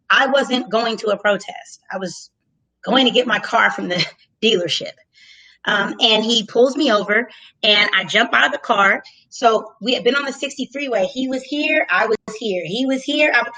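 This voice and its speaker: A woman with a high, piercing voice tells a story in casual conversation. She is animated and profane, and she acts out her own lines loudly. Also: low-quality recording. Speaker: guest telling a story.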